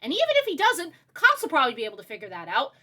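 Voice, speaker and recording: Woman game reviewer, ranting, sarcastic, high bright voice, big pitch swings. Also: very fast. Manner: exasperated, sarcastic and animated.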